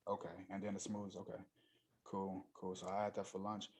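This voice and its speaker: A male coach runs a check-in over a video call in a fairly low voice. He sounds upbeat and encouraging and keeps moving things along with quick "okay, cool" wrap-ups. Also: completely flat delivery, darkish tone. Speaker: nutrition coach.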